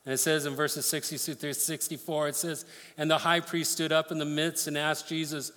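A man's voice: a little high, level tone, moderate pace, bright, forceful tone. Guy preaching a sermon, reads verses then breaks em down, lots of emphasis, echoey church. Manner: reads scripture aloud then explains it, emphatic. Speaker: pastor.

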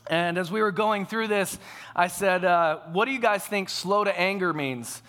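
A man's voice: high-pitched, moderate pace, fairly bright tone, smooth. A man preaching a sermon to a congregation, telling a family story in a conversational way. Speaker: pastor.

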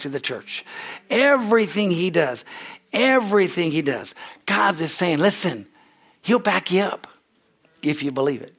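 Pastor, middle-aged man, high-pitched, fervent sermon with shouted calls. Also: animated, moderate pace. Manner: fervent, repetitive, rises to shouting exhortations.

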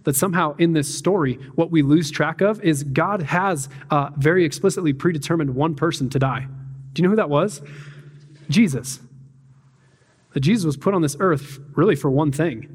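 A man preaches in a loose, talky way, dropping in fillers and playing out little voices. His voice sits a bit high for a man. The sound has a long reverb tail from a large hall. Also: moderate pace, breathy edge. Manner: conversational, peppered with "like" and "man", acts out voices. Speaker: pastor. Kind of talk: casual sermon.

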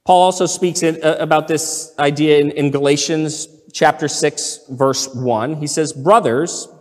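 A man's voice: a little high, steady tone, a little slow, a little mellow, in a large hall. A man preaching a sermon as pastor, earnest, often asking "right?" and reading scripture aloud.

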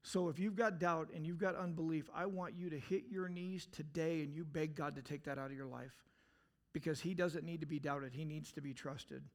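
Earnest high-voiced preacher man. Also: fairly even intonation, moderate pace. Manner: earnest, rising to emphatic outbursts then dropping low; asks the listeners direct questions. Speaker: pastor. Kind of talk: sermon.

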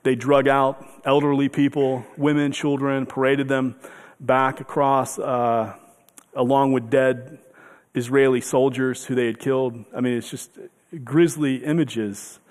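A man's voice: mid-range voice, level tone, a little slow, long reverb tail. A man preaching a sermon as pastor, earnest, often repeating and restarting words as he presses each point. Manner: earnest, repeats words and restarts, voices God's words with rising emphasis.

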